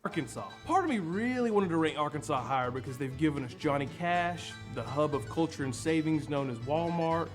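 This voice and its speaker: A man's voice: lively intonation, brisk, few pauses. A man with a Southern US accent narrating a scripted, comedic countdown video, with a wry, punchy delivery. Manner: wry, punchy delivery with jumps in pitch for each number. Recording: video with faint music bed.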